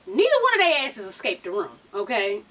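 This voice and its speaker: A woman's voice: mid-range voice, huge pitch swings, fairly quick, bright, forceful tone, far from the mic. A woman recapping a reality show in casual, profane, sassy chat, often acting out what the cast said. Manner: sassy, profane, laughing, acts out the cast's lines.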